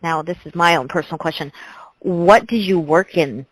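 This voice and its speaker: A woman's voice: on the low side, normal speed, slightly rough, no echo, low-quality recording. A woman hosting an interview, asking questions eagerly and laughing between them. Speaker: interview host.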